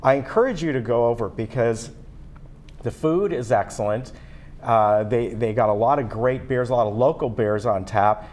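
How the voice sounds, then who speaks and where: A TV show host with a mid-range, slightly mellow voice talks at normal speed. He's chatting with a guest on his local television show, upbeat and promotional.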